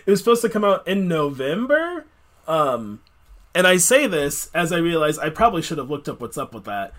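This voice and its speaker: A man's voice: fairly high pitch, big pitch swings, normal speed, a bit bright. A man hosting a podcast, chatting casually and rambling with many fillers. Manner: rambling, filler-heavy, laughs often. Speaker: podcast host. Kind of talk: casual chat.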